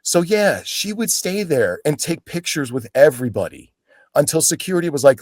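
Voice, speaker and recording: Animated man telling lively stories. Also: fairly high pitch, normal speed, no echo, clean studio sound. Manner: animated, acts out voices of people in his stories. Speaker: actor, guest. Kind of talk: casual anecdotal storytelling.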